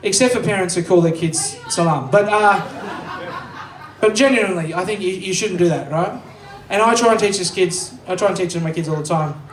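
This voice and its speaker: High-voiced Australian man doing stand-up. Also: brisk, a little hiss or hum. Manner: rambling asides, swearing, self-mocking. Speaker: stand-up comedian. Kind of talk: live stand-up set. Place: live comedy venue. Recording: roomy distant live recording, faint ambience.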